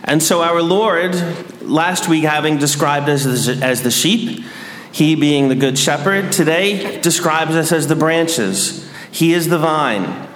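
A man giving a sermon as a priest, measured and dryly humorous. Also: on the high side, fairly bright tone, a little hiss or hum. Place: large church. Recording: echoey church hall.

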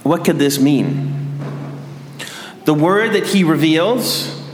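A man giving a sermon as a priest, measured and dryly humorous. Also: a little high, animated, noisy background. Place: large church. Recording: echoey church hall.

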